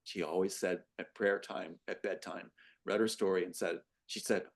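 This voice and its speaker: Guy reading his own screenplay out loud, doing all the lines himself, gets choked up and stops to talk about it. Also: low-pitched, steady tone, normal speed. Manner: reads every part himself, breaks off to comment. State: choked up with emotion. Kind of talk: dramatic script reading with commentary.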